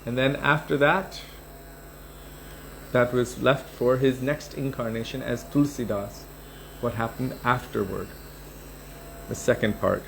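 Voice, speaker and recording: Guy teaching a scripture class, calm explaining, mid voice, faint hiss. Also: mid-range voice, creaky, low-quality recording. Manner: explanatory, storytelling, unhurried.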